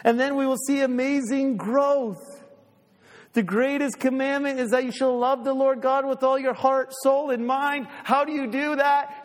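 A man preaching a sermon as pastor, animated, slipping into little voices, then easing into a quiet prayer. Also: very high-pitched. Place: church sanctuary. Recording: long church reverb.

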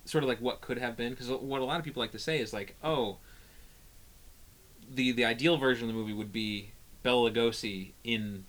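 A man in casual conversation about old films, talking haltingly with many restarts and bursts of animation. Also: mid-range voice, a bit bright. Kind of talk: casual film discussion.

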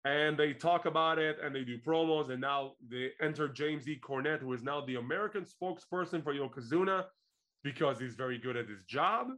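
A man from Israel co-hosts a casual wrestling podcast, with a fairly high voice. He tells the story with animated energy and laughs easily. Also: a little fast. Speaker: podcast co-host. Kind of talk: casual wrestling review chat.

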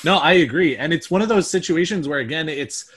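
A man's voice: on the high side, expressive, a little fast, fairly bright tone, breathy edge. A man hosting a podcast, chatting casually and rambling with frequent restarts and hedges. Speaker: podcast host. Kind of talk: casual chat.

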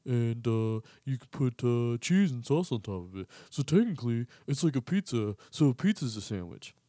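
A man chats casually on a podcast, hesitating and filling his sentences with ums and uhs. His voice sits at an ordinary pitch. The sound is dry and close. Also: very animated, normal speed, dark tone, no room sound. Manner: hesitant, filler-heavy. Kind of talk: casual chat.

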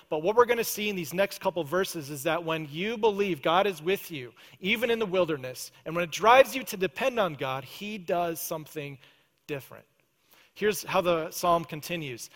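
A male pastor preaching a sermon, earnest, often dropping to a soft, intense prayer voice. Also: high-pitched, animated, moderate pace. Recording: church hall reverb.

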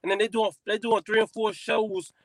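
A man who is a comedian, telling stories in animated casual chat with plenty of swearing. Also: high-pitched, moderate pace, no room sound. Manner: animated storytelling with frequent profanity.

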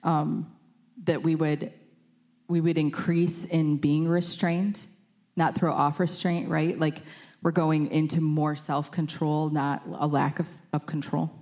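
A woman's voice: low-pitched, flat delivery, slow, warm tone. A young adult woman preaching informally, chatty, with many fillers and self-corrections while telling a personal story.

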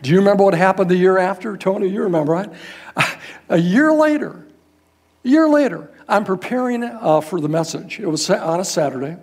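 An older man, a guest pastor, telling a story in a sermon in a folksy, animated way, acting out the people in it. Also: high voice, brisk. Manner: animated, folksy, quotes people in raised voices.

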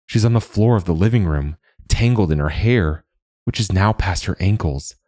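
Male audiobook narrator, very deep voice, dry close recording, measured delivery. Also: lively intonation, mellow, no echo.

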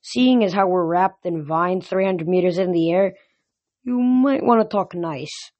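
A woman's voice: on the low side, measured pace, lightly acted. A woman voicing a cocky male flying horse with a slangy, eager way of talking. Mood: nervous. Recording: dull lo-fi recording.

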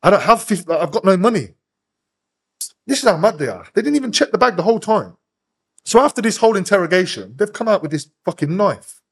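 A man's voice: high-pitched, lively intonation, fast, gravelly, husky. A man, a podcast guest telling a hard personal story in blunt, profane street slang. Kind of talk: candid storytelling interview.

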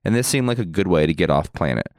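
Deep lively-voiced male podcast host. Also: quick pace, dry recording, studio quality. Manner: animated storytelling with acted quotes. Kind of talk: casual chat.

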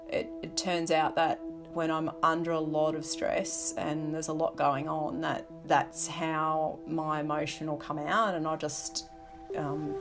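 A middle-aged woman speaks in a slightly low voice, recounting her past frankly and at a thoughtful pace. She often restarts sentences and fills pauses with ums. Soft music plays faintly underneath. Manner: candid, reflective, with frequent restarts and ums. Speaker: former navy helicopter pilot. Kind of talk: interview, personal recollection.

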